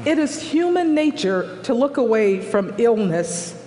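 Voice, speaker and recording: A man reading a prepared essay aloud on stage, in an earnest, measured way. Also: extremely high pitch, very animated, background noise. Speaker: guest speaker reading a written text aloud. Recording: echoey hall with long reverb.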